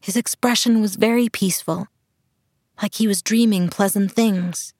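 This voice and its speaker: A woman's voice: medium pitch, fairly even intonation, normal speed, a little mellow, no echo. A woman narrating a first-person audiobook in a mid-range voice. She tells it with tense, urgent drive, close to the microphone. The booth is completely dry, with no room sound.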